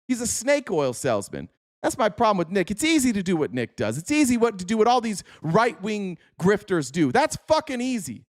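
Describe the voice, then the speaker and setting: A man's voice: high-pitched, sing-song, normal speed, no echo, clean studio sound. A man giving an opinion monologue as a political commentator, blunt, heated and profane.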